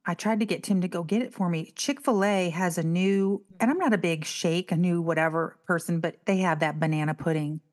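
Woman, middle-aged, animated storyteller, casual podcast co-host. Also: brisk, few pauses. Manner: animated storyteller, acts out quotes in a higher voice. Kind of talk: casual chat.

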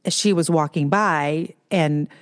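A woman co-hosting a casual chat over a remote call, talking in an animated, storytelling way. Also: low-pitched, slow. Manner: chatty, animated storytelling with put-on quote voices.

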